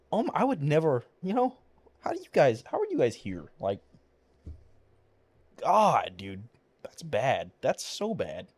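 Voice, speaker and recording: While streaming a video game, a man chats casually at a slightly slow pace, pausing often, his fairly high voice swooping wildly in pitch. There's no room sound. He rambles and mumbles with heavy swearing and fillers, and his voice cracks now and then.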